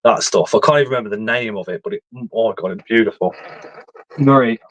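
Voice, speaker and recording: A man's voice: fairly low pitch, brisk, no echo, rough recording. A man, chatting candidly on a livestream, blunt and rambling, swearing freely as he reads the chat and tells his stories. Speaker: livestream speaker reading chat.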